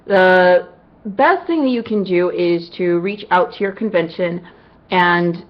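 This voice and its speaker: A woman's voice: fairly low pitch, slow pace, dull audio. A woman cosplayer answering fan questions in a casual vlog, chatty and upbeat with lots of "you know" asides.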